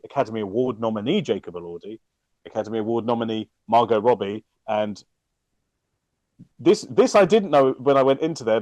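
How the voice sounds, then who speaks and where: A man's voice: mid-range voice, darkish tone, no echo. A man co-hosting a casual film review chat, blunt and jokey, swearing casually. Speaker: film podcast co-host.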